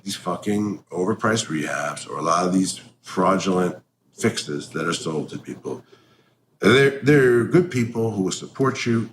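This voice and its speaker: A man's voice: on the low side, a bit bright, slight background noise. A man speaking bluntly and with a lot of swearing in a candid interview, talking animatedly.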